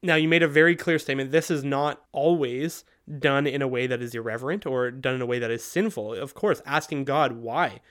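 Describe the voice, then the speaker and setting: A man co-hosts a casual podcast about faith and steers the talk with questions. He sounds chatty and upbeat, and his voice sits at a middle pitch. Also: fairly quick, hardly any pauses, a bit bright. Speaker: podcast co-host. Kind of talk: casual theological discussion.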